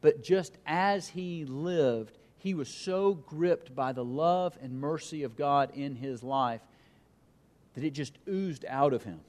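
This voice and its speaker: Fairly high-voiced male preacher in a reverberant hall. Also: darkish tone. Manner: reads scripture aloud, pauses for emphasis, dramatic dips and swells. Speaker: pastor. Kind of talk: sermon.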